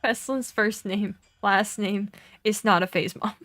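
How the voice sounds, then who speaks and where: A woman's voice: mid-range voice, fairly even intonation, unhurried, fairly bright tone, dry recording, studio quality. A young woman streaming a game, chatting casually, giggling often and reading game text aloud.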